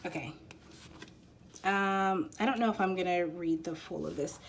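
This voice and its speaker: With a gravelly voice on the low side and a measured pace, a woman who reads tarot and oracle cards does a relaxed spiritual reading for viewers. She rambles, hesitates, restarts and leans on fillers, and there is slight background noise.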